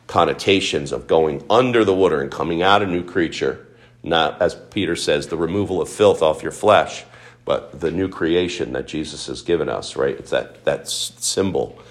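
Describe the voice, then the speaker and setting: Low-voiced man preaching conversationally. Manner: conversational, asks the listeners rhetorical questions. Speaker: pastor. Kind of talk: sermon.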